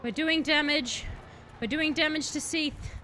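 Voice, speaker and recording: A woman casually commenting while she live-streams a video game, chatting to the boss she fights and bursting into excited yells. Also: sits high, a little slow. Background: game music.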